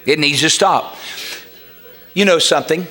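A man preaching a sermon as pastor, emphatic and rising to shouts. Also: fairly high pitch, a little slow.

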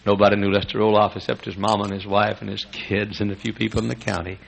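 This older Texan pastor, speaking with a Texan accent, alternates soft, tender low moments with high, shouted preaching and frequent chuckles. His delivery is fast with little pitch movement and vocal fry, and the recording quality is low.

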